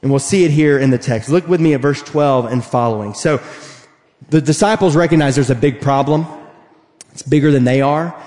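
A man's voice: mid-range voice, moderate pace. Man preaching in a reverberant hall. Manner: animated, acts out quoted voices with emphatic repetitions. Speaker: pastor. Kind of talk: sermon.

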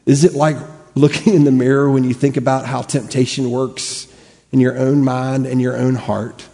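A man's voice: mid-range voice, level tone, moderate pace, vocal fry, dark tone. A male pastor preaching a sermon earnestly, using rhetorical questions and emphatic repetition. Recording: long reverb of a large hall.

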